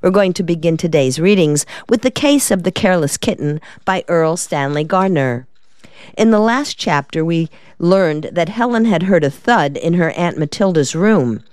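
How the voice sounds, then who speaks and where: A woman hosting a reading program, narrating an audiobook in a calm, measured way. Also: deep voice, smooth, no echo, clean studio sound. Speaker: program host and reader.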